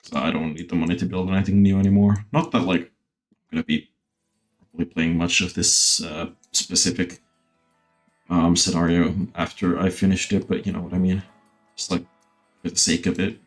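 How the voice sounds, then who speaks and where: A man's voice: sits low, little pitch movement, normal speed, long pauses, faint music behind. A man streaming a theme-park building game, chatting casually with lots of fillers and the odd swear. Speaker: gaming streamer. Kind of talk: casual gameplay commentary. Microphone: desktop mic.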